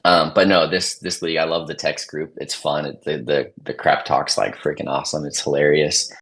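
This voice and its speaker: A man in his thirties, a podcast guest, talking casually in a subdued, near-monotone way. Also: a bass voice, moderate pace. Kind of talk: casual chat.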